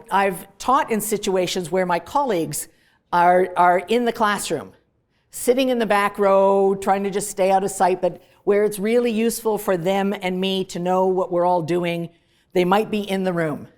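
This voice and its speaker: Canadian woman professor, mid pitch, lively emphatic lecture delivery to a classroom. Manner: lively and emphatic, plays with stressed words.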